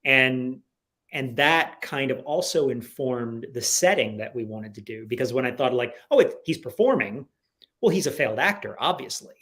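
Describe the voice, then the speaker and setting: A man as a guest in a casual interview, talking in an animated, rambling way full of "like"s, on a video call from home. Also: medium pitch, moderate pace. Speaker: guest comic writer.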